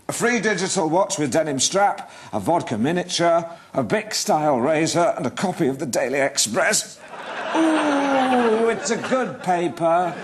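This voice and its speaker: Alan Partridge, pompous awkward host. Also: male voice, high-pitched. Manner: pompous, flustered, self-deprecating. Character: pompous, awkward middle-aged male presenter. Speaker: awards night host. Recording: loud crowd and noise at live event. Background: crowd laughter and noise.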